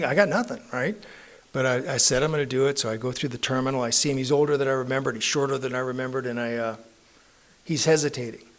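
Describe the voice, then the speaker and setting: A middle-aged man telling his story as a recovery meeting speaker, conversational and self-mocking, with frequent tag questions. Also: mid-range voice. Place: recovery club meeting room.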